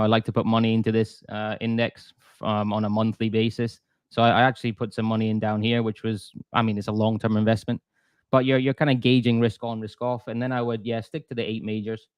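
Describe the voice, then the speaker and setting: A man chatting through a live trading stream in a mid-pitched voice. He rambles and restarts, mocks his own past mistakes and talks straight to viewers. The sound is dry and close. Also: smooth, no room sound. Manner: chatty, self-deprecating, lots of restarts. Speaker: forex trader streamer.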